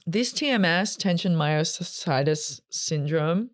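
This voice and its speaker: A woman's voice: on the low side, expressive, slow pace. A woman hosting a solo podcast from a green room, telling a personal story in a candid, rambling, emotional way with many fillers. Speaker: podcast host.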